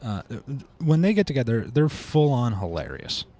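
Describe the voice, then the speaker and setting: A middle-aged American man chatting as a guest, his voice rising and falling a lot as he spins a funny story. He laughs easily and often, in an animated, loose way. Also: mid-range voice, moderate pace. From United States. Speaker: guest drummer. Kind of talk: casual chat.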